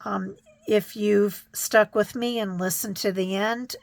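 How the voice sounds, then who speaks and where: Brief middle-aged woman, crafting vlogger, slow unhurried delivery, close dry sound, tender and halting. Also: medium pitch, fairly even intonation, gravelly, no room sound. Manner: reflective, gentle, emotional, many ums and restarts. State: choked up. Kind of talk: casual chat to viewers.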